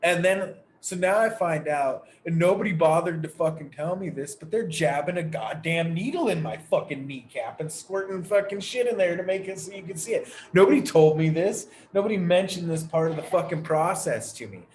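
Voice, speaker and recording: A man's voice: a little high, lively intonation, moderate pace, few pauses. A man hosting a podcast, telling a long, rambling story full of swearing in a casual chat. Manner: rambling, heavily profane storytelling. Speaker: podcast host. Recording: echoey room with faint noise.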